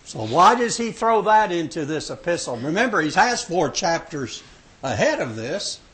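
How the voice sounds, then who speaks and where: A man's voice: fairly high pitch, very animated, moderate pace, fairly bright tone. An older man in his sixties leading a Bible study class, joking and emphatic as he asks questions. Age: 60s. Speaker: Sabbath school teacher.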